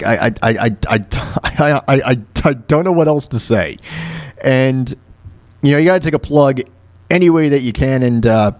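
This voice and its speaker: A man's voice: medium pitch, a little mellow. Emotional guy on his radio show, stammering thank-yous, lots of uh and restarts, normal mid voice. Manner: halting, stammering, full of fillers and restarts. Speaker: internet radio host. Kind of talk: heartfelt on-air thank-you.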